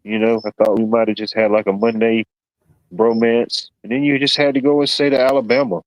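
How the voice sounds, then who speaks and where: A man's voice: medium pitch, flat delivery, fairly quick, no room sound, low-quality recording. A man hosting a casual live stream, joking and rambling, peppering his talk with "you know what I mean". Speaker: stream host.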